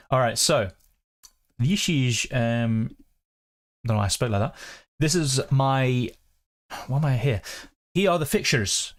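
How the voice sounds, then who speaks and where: A young man hosting a live question-and-answer stream, chatting quickly and reading out viewer comments. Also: medium pitch. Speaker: fantasy football streamer.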